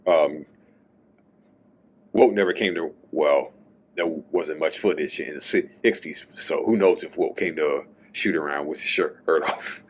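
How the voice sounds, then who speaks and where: A man's voice: rumbling low, a little slow, slight background noise. A man hosting his own show, talking through a casual solo monologue and tagging his points with a questioning "okay?". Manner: chatty, tags lines with "okay?". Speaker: podcast host.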